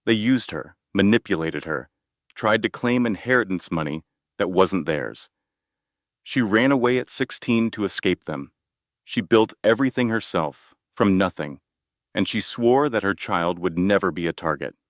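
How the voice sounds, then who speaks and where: A composed male estate attorney lays out the facts in a measured, formal and gentle manner, as a narrator voices him. The voice sits low and sounds close and dry. This is audiobook-style drama reading. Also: animated, no echo.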